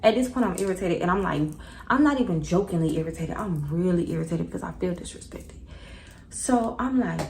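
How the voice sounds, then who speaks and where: A young adult woman telling a casual storytime to her viewers, animated and slangy. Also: on the low side, a little fast, vocal fry, a little hiss or hum, low-quality recording. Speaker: vlogger.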